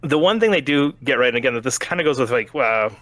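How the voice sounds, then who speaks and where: A man with a bright, forceful voice talks through a video game in a relaxed podcast chat. He keeps jumping into little acted-out lines. The sound is dry and close on the mic. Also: mid-range voice, no echo. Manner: animated, acts out lines in quick voices. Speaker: podcast co-host reviewing a game. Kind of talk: casual chat.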